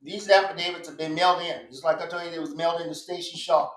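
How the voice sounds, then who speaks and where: A man's voice: fairly high pitch, steady tone, fast, a bit bright. A man guest on a podcast, speaking in an emphatic, insistent way and repeating his points. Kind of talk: casual podcast conversation. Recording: echoey room.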